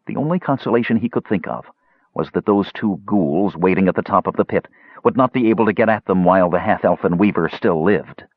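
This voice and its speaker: A man narrating a fantasy story in a measured storytelling manner. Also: sits low, slightly rough, dry recording. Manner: measured storytelling, lively intonation. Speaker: audiobook narrator. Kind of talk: scripted narration. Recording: dull dry close-mic audiobook recording.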